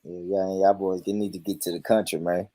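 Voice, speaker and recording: A man's voice: low voice, level tone, brisk, warm tone, dry recording. A middle-aged Southern American man hosting a casual panel chat, playful and laughing often. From Southern United States. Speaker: host.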